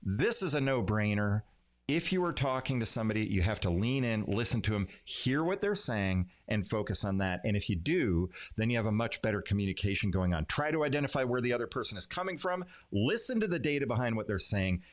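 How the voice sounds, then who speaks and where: A man teaching communication skills in a live-streamed lesson, who varies his pauses, loudness and emphasis for effect. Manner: animated, plays with pauses, pitch and emphasis. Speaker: leadership and communication coach. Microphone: streaming setup.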